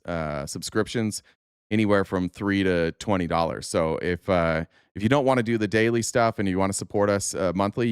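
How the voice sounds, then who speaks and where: A man on a live stream stops to thank viewers and explain subscriptions, pausing often with ums and uhs. His delivery is relaxed and unpolished, recorded close and dry. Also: low voice, clear, resonant tone, no echo. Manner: halting, many fillers. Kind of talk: live-stream housekeeping chat.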